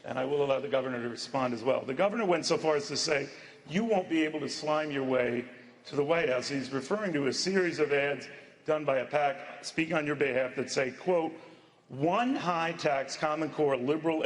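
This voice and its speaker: A man moderating a televised debate, posing brisk questions and pressing for answers. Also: fairly high pitch. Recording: large hall with audience.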